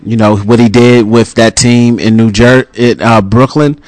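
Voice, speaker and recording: A man co-hosting a casual sports talk show, measured and calmly explaining plays. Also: medium pitch, no echo.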